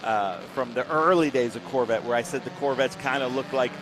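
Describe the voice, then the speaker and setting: A man co-commentating a motor race, rattling briskly through the starting grid with short remarks on the cars. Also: medium pitch, noisy background. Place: outdoors at a race track.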